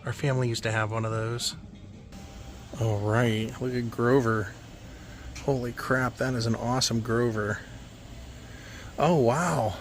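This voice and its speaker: A man's voice: mid-range voice, measured pace, pauses often, faint music behind. Man casually browsing an antique mall. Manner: relaxed, offhand remarks with chuckles. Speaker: vlogger. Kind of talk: casual walkthrough commentary.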